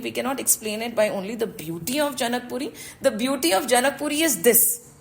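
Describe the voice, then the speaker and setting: Expressive Indian woman telling a scripture story. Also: on the high side, creaky, poor audio. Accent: Indian English. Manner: mixes English with Hindi phrases; expressive storytelling, asks listeners "right?". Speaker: spiritual teacher.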